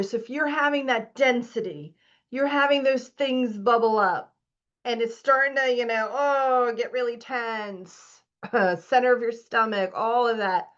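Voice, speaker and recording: A woman's voice: on the high side, highs cut off. A woman as a spiritual coach leading a live online masterclass, reading out participants' comments and urging them on emphatically.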